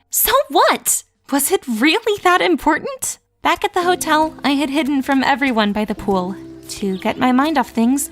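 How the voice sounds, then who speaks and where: A young woman narrating a first-person storytime in a dramatic, emotive way. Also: sits high. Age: young adult.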